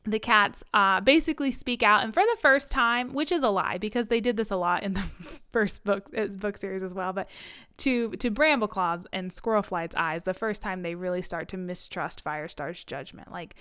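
A woman co-hosting a casual chat, recapping a book series with jokes, swearing and quick acted-out character lines. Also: mid-range voice, pushed and bright, clean tone.

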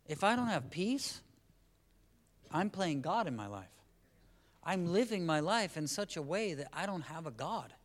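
Lively, conversational male pastor preaching. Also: a little high, measured pace, long pauses. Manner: animated, conversational preaching that swings from quiet to loud. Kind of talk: sermon. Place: church service.

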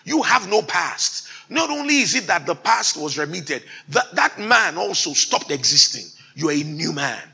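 Man, sermon, gravelly husky voice, animated pitch, emphatic preaching. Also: moderate pace, few pauses, rough recording. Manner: rising to loud emphatic exhortation, mimics timid believers.

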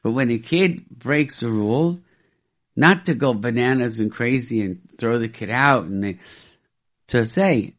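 A man's voice: medium pitch, measured pace. A man speaking on a radio talk show as a guest. He talks earnestly, repeats phrases and restarts his sentences often. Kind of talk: casual radio talk, teaching.

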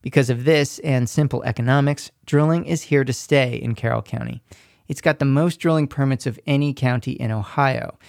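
A man reporting a radio news feature in a measured, scripted narration, recorded at a studio mic. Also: medium pitch, gravelly, darkish tone, no room sound.

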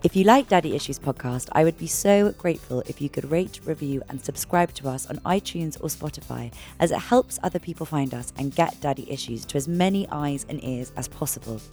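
A woman's voice: low voice, fairly quick, few pauses, soft background music. A woman hosting a podcast, asking questions and reading her outro with enthusiasm. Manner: lively and enthusiastic. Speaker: podcast host.

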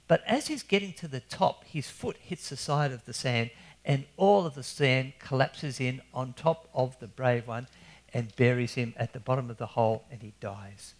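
Animated male storyteller acting out voices. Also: medium pitch. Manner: animated storyteller, acts out voices and shouts for help. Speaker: Christian speaker telling an anecdote. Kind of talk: storytelling talk.

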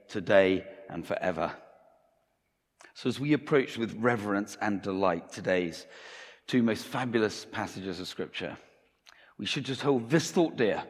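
A man in his fifties preaching a sermon with enthusiasm, often pausing on fillers and repeating key phrases. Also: lowish voice. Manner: enthusiastic, with frequent fillers and repetitions. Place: church hall. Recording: reverberant hall.

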